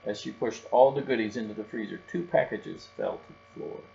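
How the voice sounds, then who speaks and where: A man's voice: on the low side, a little fast, gravelly, dark tone. Man reading a storybook aloud. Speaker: storybook reader. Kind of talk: storybook read-aloud narration. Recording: dull recording with faint hum.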